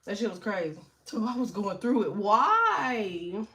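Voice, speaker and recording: A woman's voice: medium pitch, big pitch swings, a little slow, sharp tone. A woman in her thirties with allergies, chatting casually and animatedly as a livestream host, joking, swearing and laughing often.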